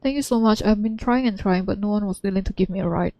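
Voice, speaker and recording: A woman's voice: mid-range voice, fast talker, mellow, no room sound, natural voice, poor audio. Woman reading a polite, wary young traveler. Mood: earnest.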